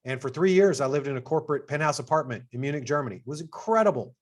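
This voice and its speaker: A middle-aged man with a Texas accent, hosting an information session as assistant dean. He talks in an upbeat, conversational way and jumps up in pitch to stress his points. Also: lively intonation, fast talker. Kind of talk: presentation to prospective students.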